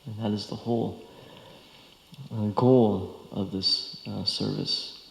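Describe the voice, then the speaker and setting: A man giving a devotional scripture lecture, speaking haltingly with many fillers and restarts, recorded in a temple hall. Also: medium pitch, creaky, darkish tone.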